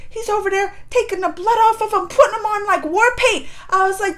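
A woman's voice: extremely high pitch, lively intonation, brisk, fairly bright tone. A woman hosting a reaction video, casually and emotionally retelling scenes in colloquial speech.

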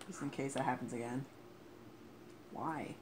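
A young man talks over his game in loose, casual commentary, cursing freely and flaring into angry rants. His voice sits at an ordinary middle pitch. A clear layer of noise runs under the recording. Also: steady tone, a little slow. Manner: swears a lot, angry outbursts. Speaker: gameplay commentator. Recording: noisy home recording.

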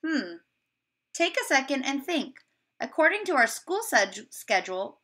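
A woman teacher giving a remote video lesson to young children, sounding out words slowly and encouraging them. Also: high voice, sing-song, a bit bright.

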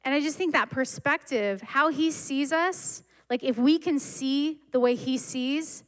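Young woman preacher, slightly high pitch, warm conversational sermon delivery with many restarts. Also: steady tone, moderate pace. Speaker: church speaker.

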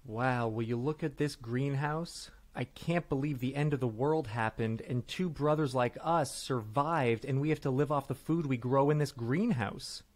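A man playing a condescending brother in an improv scene demo, speaking slowly. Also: medium pitch, lightly acted. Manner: slow, condescending.

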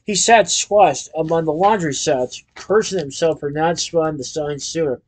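A man narrating a children's storybook aloud in a lively, expressive way. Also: on the high side, moderate pace. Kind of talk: storybook reading.

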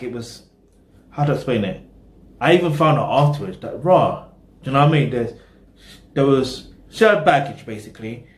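A man's voice: mid-range voice, roomy sound. A man hosting a reaction video, rambling casually in slang and talking straight to his viewers.

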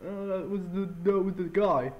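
A man's voice: sits high, normal speed, phone-quality sound. A man giving casual, goofy, self-mocking commentary while playing a video game. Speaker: let's-play gamer.

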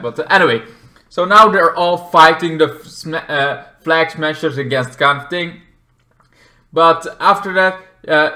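A man recapping a TV episode in a loose, rambling way, leaning on fillers and trailing clauses. His voice is bright and a touch higher than most men's. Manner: rambling, many fillers and restarts, talks in loose run-on clauses. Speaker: show reviewer.

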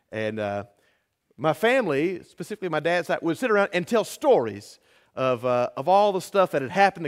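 A man preaching a sermon as pastor, energetic and folksy, often repeating phrases for emphasis. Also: high voice.

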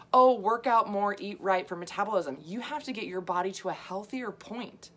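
A woman's voice: medium pitch, fairly bright tone, a little hiss or hum. A middle-aged woman health coach talking casually to viewers, chatty and full of asides and fillers, laughing often. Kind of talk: casual livestream talk.

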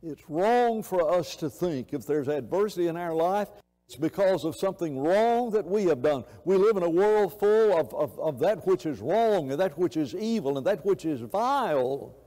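A man's voice: high voice, animated, normal speed, dark tone. A man preaching a sermon in an impassioned way, often repeating words and restarting phrases. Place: church sanctuary. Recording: echoey church hall.

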